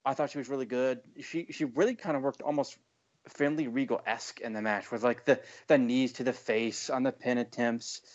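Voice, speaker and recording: Halting man reviewing a match. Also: medium pitch, fairly even intonation. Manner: halting, many "uh" fillers and restarts, easygoing. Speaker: podcast co-host. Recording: dull, lo-fi audio.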